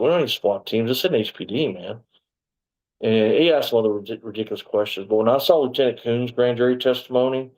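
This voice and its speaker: A man's voice: medium pitch, rough recording. A middle-aged man, a former sheriff's deputy, recounting events in a casual interview, rambling and acting out the dialogue. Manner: rambling, animated retelling with quoted dialogue.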